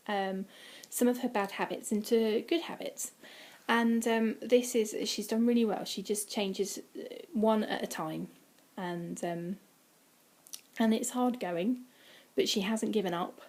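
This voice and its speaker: A vlogger with a mellow, husky, mid-range voice chats about weight loss while sitting indoors by a window at home. She rambles along with plenty of ums and slips into quiet, breathy asides.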